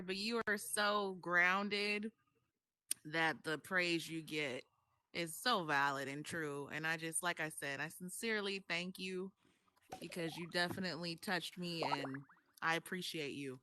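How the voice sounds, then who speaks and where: A woman's voice: on the low side, a little slow, pushed and bright. A woman in an online voice chat who is holding back tears as she sincerely thanks someone. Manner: sincere and grateful, slightly tearful. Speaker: participant. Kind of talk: casual group voice chat.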